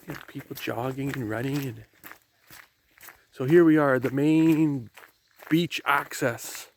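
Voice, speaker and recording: A man's voice: mid-range voice, darkish tone. A man talking casually to his camera as he walks a rainy forest trail down toward the ocean, rambling about what he sees. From Canada. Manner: rambling, talks to camera while hiking. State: walking downhill on a trail. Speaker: vlogger. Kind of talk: casual walking vlog. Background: faint outdoor noise, rain and waves.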